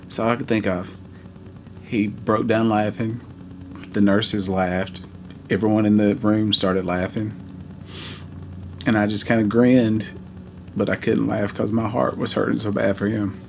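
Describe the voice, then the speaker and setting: A man in his forties telling a heartfelt personal story in a vlog, earnest and halting. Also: lowish voice, flat delivery, vocal fry, a little hiss or hum. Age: 40s. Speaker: vlogger.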